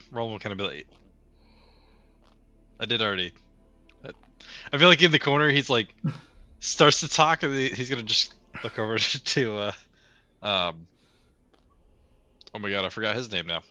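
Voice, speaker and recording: A man's voice: on the low side, moderate pace, long pauses, sharp tone, no echo. A man playing a tabletop game, rambling and laughing out of character. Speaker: player.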